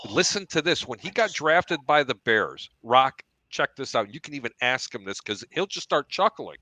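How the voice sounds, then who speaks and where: Animated man telling sports stories. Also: mid-range voice, dry recording, poor audio. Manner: animated storyteller, builds anecdotes with asides. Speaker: host. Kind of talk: sports talk show storytelling.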